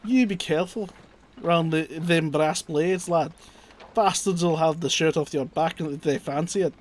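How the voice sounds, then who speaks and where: A man's voice: on the high side, unhurried, close to an everyday voice. A man putting on a chatty old peddler. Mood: folksy. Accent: put-on Scottish, wavering. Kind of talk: reading game dialogue aloud.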